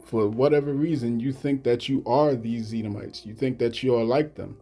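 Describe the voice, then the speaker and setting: Halting mellow-voiced man preaching. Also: mid-range voice. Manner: halting, repeats "you know what I'm saying". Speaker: religious commentator. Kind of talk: scripture commentary vlog.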